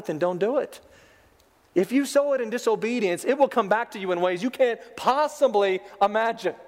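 A man's voice: sits high, a little mellow, long reverb tail. A male pastor preaching a sermon, building to emphatic exhortations.

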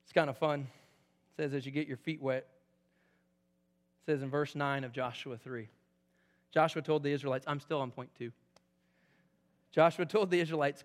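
A man in his forties preaching a sermon as a pastor, conversational and animated, rising to loud emphasis. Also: on the high side, moderate pace, long pauses. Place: church sanctuary. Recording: echoey church hall.

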